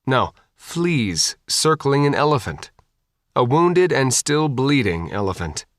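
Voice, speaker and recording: A man narrating an audiobook with an expressive, animated delivery and a lively rise and fall. His mid-pitched voice is recorded close and dry, with no room sound. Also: no echo.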